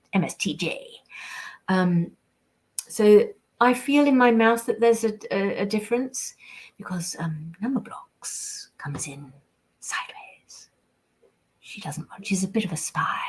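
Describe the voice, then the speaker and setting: A woman's voice: medium pitch, a little mellow. A woman voice actress chatting casually on a livestream while signing prints, reading fan messages aloud, trailing off and dropping into whispered asides. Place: indoors at a signing table.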